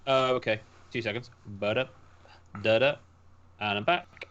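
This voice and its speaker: A man's voice: lowish voice, a little slow, fairly bright tone, clean tone, muffled recording. A man from the United Kingdom co-hosting a casual podcast chat, reading news aloud with jokey, sarcastic asides. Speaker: podcast co-host.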